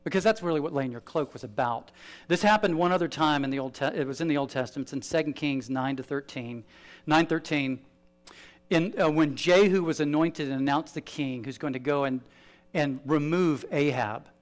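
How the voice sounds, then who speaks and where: A man preaching a sermon with a slightly raised pitch. He talks in an animated way, pushing some lines out loud and dropping others to a near hush. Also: normal speed. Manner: animated, swings from loud emphasis to hushed asides. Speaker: pastor.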